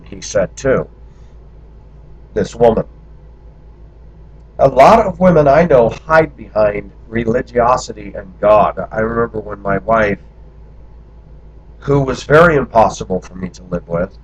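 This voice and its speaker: In a dull lo-fi recording with slight background noise, an American man in a mid-range voice recounts personal memories. It's a candid monologue delivered in long run-on stretches.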